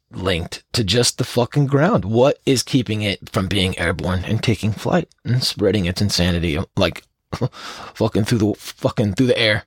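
A low-voiced man hosts his own podcast, tearing through weird news with swearing and laughter. His voice leaps up and down as he gets worked up. The recording is close and dry. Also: gravelly, slightly rough, dry recording. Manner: profane, animated, laughing storyteller. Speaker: podcast host. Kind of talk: casual solo podcast news commentary.

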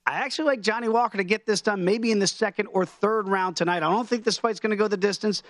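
A man's voice: sits high, quick pace, fairly bright tone, no room sound. A man, a guest sports betting host, talking through his picks in a confident, chatty way.

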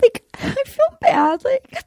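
A woman's voice: extremely high pitch, big pitch swings, creaky, a little mellow, dry recording, voice pushed up, full character voice. Woman doing a weepy pleading dating-show girl. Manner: tearful, halting, pleading. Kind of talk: comic impression in podcast chat.

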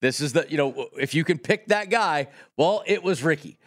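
Jokey West Coast man, slightly high voice. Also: normal speed. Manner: animated, jokey, stumbles and restarts. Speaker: podcast co-host. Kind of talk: casual sports-betting chat.

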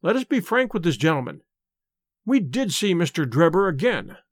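Calm, firm young daughter, read by a man; high, dry audiobook voice. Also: moderate pace, no echo. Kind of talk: audiobook reading.

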